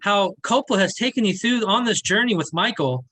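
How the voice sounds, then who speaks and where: Bright-voiced enthusiastic man reviewing films. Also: sits high, lively intonation, a little fast. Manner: enthusiastic, keeps saying "to me". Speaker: film review show host. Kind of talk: casual film review chat.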